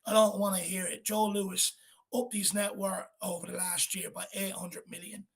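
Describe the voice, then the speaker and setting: Angry, gravelly high-voiced man. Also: little pitch movement, normal speed. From Ireland. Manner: angry, blunt, swearing. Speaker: fan channel host. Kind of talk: live football watchalong chat.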